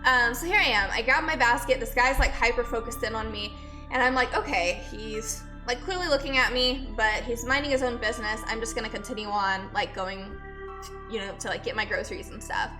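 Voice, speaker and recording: A woman's voice: fairly high pitch, brisk. A woman streamer who is a nurse, sick and out of breath, chatting with her viewers and greeting them by name as she rambles through a story. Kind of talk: casual chat with live viewers. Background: faint music.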